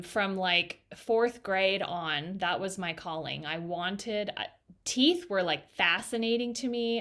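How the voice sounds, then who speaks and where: A woman hairstylist in a casual podcast conversation, telling a story with quoted voices acted out, recorded over a video call. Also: mid-range voice. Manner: lively storyteller who acts out quoted voices.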